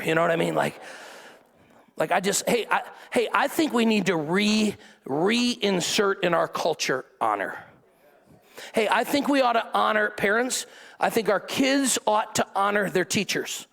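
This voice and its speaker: A man's voice: high voice, animated, a little slow, creaky, fairly bright tone, long reverb tail. A middle-aged man preaching a sermon to a church congregation, with a chatty style full of asides that calls on the crowd to answer. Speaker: pastor. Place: church service before a congregation.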